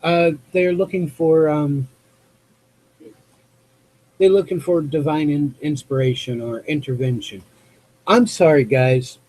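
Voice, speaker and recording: A man from the US West Coast hosting a live call-in show, talking off the cuff in a rambling, halting way as he searches for words. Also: a little high, a little mellow, low-quality recording. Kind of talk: unscripted monologue to chat viewers.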